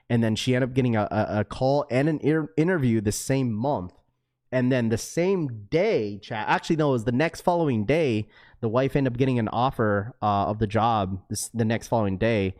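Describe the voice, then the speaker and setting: A young man chats casually with his livestream audience, his voice sitting at an ordinary middle pitch. He talks in an animated, laughing way, with plenty of slang and swearing. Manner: animated, laughs a lot, swears, says bro constantly. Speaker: livestream host. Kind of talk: casual storytelling to live chat.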